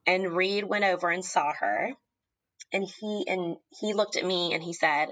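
Thirtysomething woman, lowish voice, emotional halting storytelling, lots of ums. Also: a bit bright, low-quality recording. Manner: tearful at times, halting with many ums and restarts. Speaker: guest sharing a personal story.

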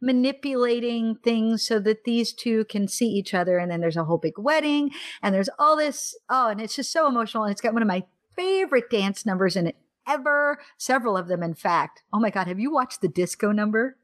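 A woman in casual conversation, enthusiastically retelling a film plot with animated, acted-out quotes. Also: a little high, brisk, few pauses. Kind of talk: casual chat about films.

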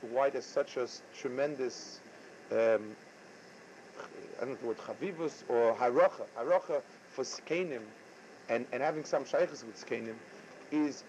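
A man's voice: a little high, darkish tone. Man, Torah lecture, stammering repeats, faint background hiss, muffled recording. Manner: halting, repeats words often. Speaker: rabbi. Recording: dull lo-fi recording.

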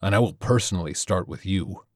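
A man voicing an angry male squad leader who talks in clipped, forceful bursts and curses. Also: low voice, fairly quick, no room sound, clean studio sound. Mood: yelling.

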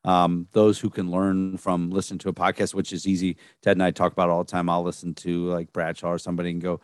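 A man hosting a casual podcast, introducing his guest. He speaks in a very deep, dry voice, relaxed and full of fillers. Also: fast, hardly any pauses, smooth, no room sound. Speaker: podcast host.

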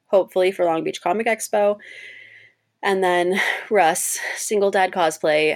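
Lively young woman telling a story. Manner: animated, laughing storyteller, pitch jumps for quoted voices. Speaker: interview guest, cosplayer. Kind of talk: casual storytelling interview.

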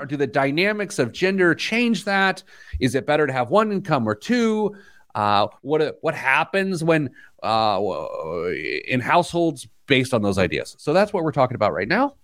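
A man hosting a talk show, telling a story with lively energy and playful asides. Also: a little high. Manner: animated storytelling, mimics voices with laughter. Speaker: podcast host. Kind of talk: casual chat.

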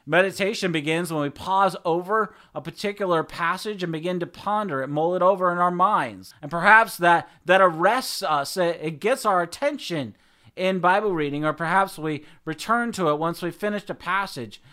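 A male preacher delivers a sermon with a high-pitched voice. His tone is bright and forceful, and his delivery is earnest and emphatic, with occasional repeated words as he restarts a phrase. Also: moderate pace.

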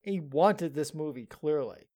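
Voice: mid-range voice, animated, measured pace, warm tone. A podcast co-host with a mid-range voice who chimes in with short, dry remarks during a casual movie discussion. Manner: dry, brief interjections. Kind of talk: casual movie-review chat.

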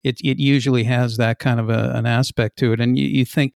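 Older male host, gravelly, dry and close, jokey and meandering. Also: medium pitch, level tone, brisk, darkish tone, dry recording. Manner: joking, rambling with restarts. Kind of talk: casual interview chat.

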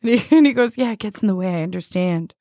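A woman's voice: medium pitch, lively intonation, fast talker, dark tone, no echo, clean studio sound. A young woman co-hosting a podcast, telling a dating story in casual chat, quoting messages and laughing often. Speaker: podcast co-host.

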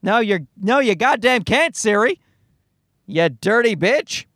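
A comedian from Newfoundland with a Newfoundland accent, rambling through a profane, self-mocking solo podcast monologue. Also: male voice, sits high, animated, slow, fairly bright tone, no echo, clean studio sound.

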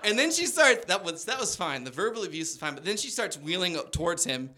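A man's voice: high-pitched, sing-song, fast, sharp tone. A man in his thirties performing a stand-up comedy set, rambling through a story and acting out quotes. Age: 30s. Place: stage before a laughing audience.

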